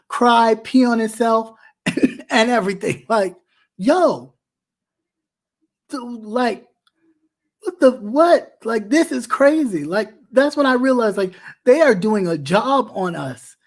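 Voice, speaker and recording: A man hosting a talk show, giving impassioned commentary and often restarting his sentences as he presses a point. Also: high voice. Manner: emphatic, with many repeated restarts.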